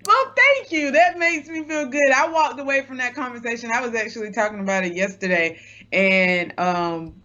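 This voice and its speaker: A woman's voice: fairly high pitch, moderate pace, bright, forceful tone, lo-fi sound. A woman guest co-host on a podcast, speaking in a thoughtful, reflective, casual way. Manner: thoughtful, reflective, laughs easily.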